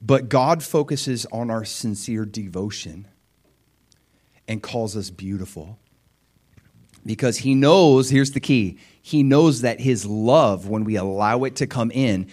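Middle-aged male preacher, expressive sermon delivery, swings from loud to whispered asides. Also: fairly low pitch. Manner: animated, acts out prayers and Jesus' replies, drops to whispers.

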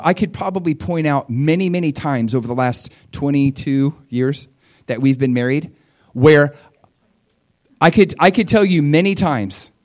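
A pastor in his forties preaches in a conversational, animated way. His voice sits in a middle register, and he drops to quiet asides, then bursts out loud to drive a point home. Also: medium pitch. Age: 40s. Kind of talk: sermon.

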